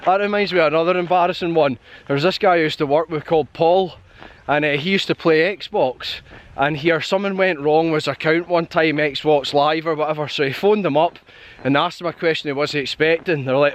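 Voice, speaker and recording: A fairly high, fairly quick male voice belongs to a young hiking vlogger from Scotland. He laughs often while chatting and sharing stories outdoors on a hill trail.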